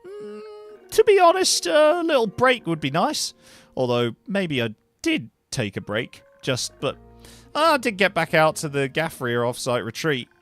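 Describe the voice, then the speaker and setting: A weary, polite potion-brewing mage woman, as a man puts her on in a raised, lilting voice with a questionable accent and a dry, self-deprecating way of chatting. Her pitch sits on the high side and swings widely between lines. Soft music plays faintly underneath. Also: wildly swooping pitch, a little slow, full character voice. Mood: chatty. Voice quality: put-on higher voice with a questionable accent. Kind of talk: voicing characters in a cozy narrative game.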